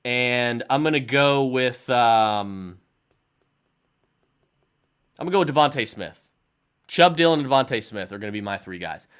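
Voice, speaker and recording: A man's voice: medium pitch, animated, moderate pace, long pauses, a bit bright, clean tone. A young man hosting a live fantasy football stream, rambling through start-or-sit picks for viewers and often repeating himself.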